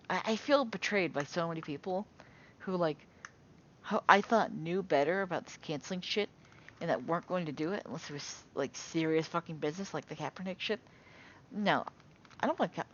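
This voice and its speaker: A woman's voice: low voice, muffled recording, slight background noise. A woman delivering a heated, profanity-filled political rant, often restarting her sentences and sighing in frustration. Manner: agitated, swearing constantly, frequent restarts and sighs. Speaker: political commentary vlogger.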